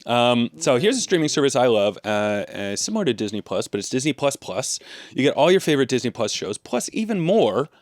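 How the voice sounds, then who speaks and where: A man co-hosting a comedy podcast, riffing deadpan on made-up streaming shows. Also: medium pitch, a little fast, dry recording. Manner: deadpan, riffing on fake products. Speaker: podcast co-host. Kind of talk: improvised comedy banter.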